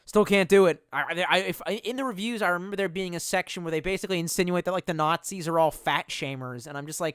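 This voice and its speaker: A man's voice: high voice, quick pace, hardly any pauses, fairly bright tone, clean tone, no echo. Profane, rambling male streamer. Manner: laid-back, often trails off into mumbling. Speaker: livestreamer reading chat. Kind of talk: casual livestream chat.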